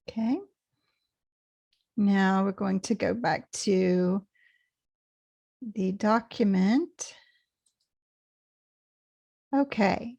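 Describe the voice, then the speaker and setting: A woman teaching pronunciation, speaking very slowly and repeating each phrase with patience. Her voice carries a gravelly fry. The recording is dry and close, with no room sound. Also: medium pitch, darkish tone, dry recording. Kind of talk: slow explanatory lesson.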